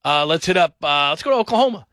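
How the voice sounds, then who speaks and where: A man hosting a sports talk radio show, animated and rambling as he talks through calls. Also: fairly high pitch, fast, no echo, studio quality.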